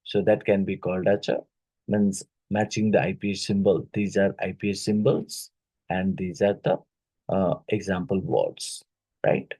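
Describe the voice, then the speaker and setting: A man teaching an exam-prep phonetics lesson, unhurried and often checking in with "right?". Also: low-pitched, steady tone, mellow, slightly rough, low-quality recording. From India. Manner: unhurried, with frequent tag questions like "right?".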